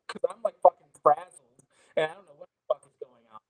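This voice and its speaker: A man's voice: a little high, steady tone, fast talker, rough recording. A man telling a wrestling road story in casual chat, swearing often and restarting his sentences. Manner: profane, rambling storyteller with many restarts. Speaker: guest wrestler. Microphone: remote call mic with audio trouble.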